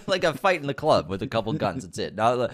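A man's voice: on the low side, very animated, a little fast. A man, co-hosting a casual movie news podcast, joking and laughing often. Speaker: podcast co-host.

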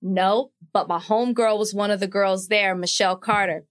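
A woman's voice: mid-range voice, fairly even intonation. Easygoing woman podcast co-host. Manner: easygoing, quick affirmations, storytelling. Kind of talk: casual podcast chat.

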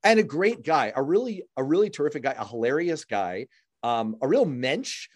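A man's voice: a little high, big pitch swings, moderate pace. A man hosting a casual interview, chatty and jokey, restarting phrases as he talks. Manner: chatty, jokey, repeats words when starting. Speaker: podcast host.

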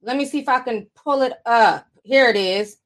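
A woman's voice: on the high side, moderate pace. A woman streamer doing casual, chatty commentary and reacting to a clip.

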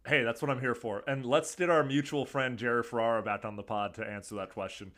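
A man's voice: medium pitch, fairly even intonation, fast, a bit bright. A man co-hosting a podcast in casual chat, chatty, laughing often and swearing casually. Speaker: podcast co-host.

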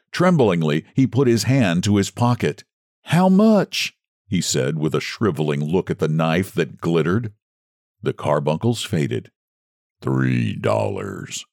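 A man with a deep, low voice reads a classic story aloud, his pitch rising and falling dramatically. The sound is close and dry. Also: no echo. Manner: expressive, theatrical reading. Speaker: narrator. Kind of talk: audiobook story narration.

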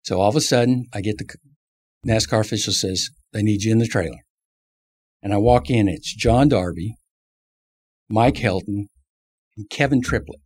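Husky-voiced man telling a racing story. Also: fairly low pitch, moderate pace, long pauses. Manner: acts out quotes with lively voice shifts. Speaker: guest, former NASCAR team manager. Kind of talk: animated storytelling interview.

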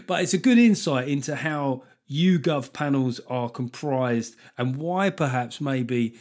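A man's voice: medium pitch, animated, a little slow, a little mellow. A man hosting a podcast, ranting casually with a lot of swearing and mockery. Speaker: podcast host. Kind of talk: casual solo podcast monologue.

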